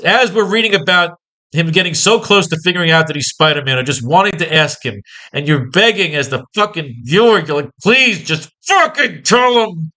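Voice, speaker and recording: A man's voice: a little high, animated, fairly quick, bright, forceful tone. A man teaching comic book writing in a casual online lesson, talking in a profane, rambling, exasperated way.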